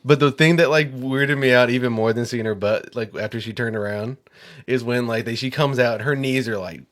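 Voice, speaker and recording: Chill young dude on a movie podcast, says like constantly, mid pitched voice. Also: male voice, moderate pace. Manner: relaxed, filler-heavy with constant "like". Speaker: podcast co-host. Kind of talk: casual movie discussion.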